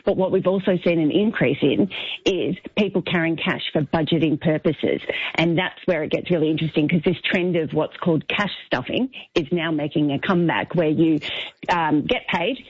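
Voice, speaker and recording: A woman's voice: deep voice, moderate pace, husky, dry recording, highs cut off. A woman, a guest on a radio show, explaining in a chatty way. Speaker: data insights director, guest. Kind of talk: radio interview.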